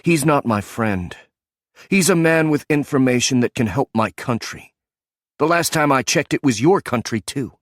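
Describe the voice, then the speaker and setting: A man voicing a tough, sharp-tongued female ex-spy with a clipped, biting delivery. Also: medium pitch, animated, moderate pace, dry recording, studio quality, voice pushed up, natural voice. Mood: defiant.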